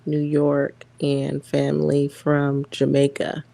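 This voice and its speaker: A woman co-hosting an interview who talks in a relaxed, conversational way. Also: low-pitched, slow pace, creaky, no room sound. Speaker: podcast co-host. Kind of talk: casual interview chat.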